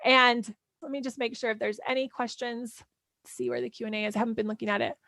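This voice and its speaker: A woman coaching parents in a live workshop, talking in a loose, chatty way. Her voice sits fairly high. The sound is dry and close, with no room echo. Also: fairly even intonation, fast talker, gravelly, bright, forceful tone. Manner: casual, chatty, lots of "like" and "right?".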